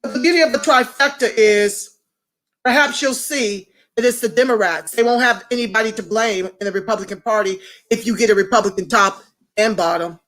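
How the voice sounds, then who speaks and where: A woman's voice: on the high side, fairly quick. Fiery woman hosting a livestream. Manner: talks straight to viewers, greets commenters warmly by name. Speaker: livestream host. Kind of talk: casual livestream chat.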